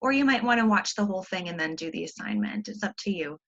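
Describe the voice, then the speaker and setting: A woman teacher walks through a grammar lesson patiently and step by step, with plenty of ums. Her voice sits at an ordinary middle pitch. The recording is slightly muffled and lo-fi, like a computer mic during a screen share. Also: expressive, fast talker, a bit bright.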